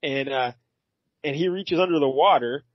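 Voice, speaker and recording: A man's voice: on the high side, normal speed, dry recording. A man co-hosting a podcast, recapping a comic in a rambling, self-mocking casual chat and laughing often. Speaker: podcast co-host. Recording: dull lo-fi podcast audio.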